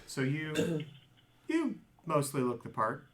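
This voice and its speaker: A man running a tabletop game as game master, narrating in a halting way with repeated words and fillers. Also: on the high side, wildly swooping pitch.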